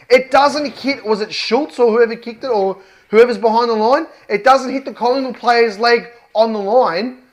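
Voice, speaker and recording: A man's voice: very high voice, expressive, normal speed, fairly bright tone. An Australian man ranting through a heated football match review, worked up, swearing and hammering his points. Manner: worked up, swears often, punchy and emphatic. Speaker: football fan vlogger.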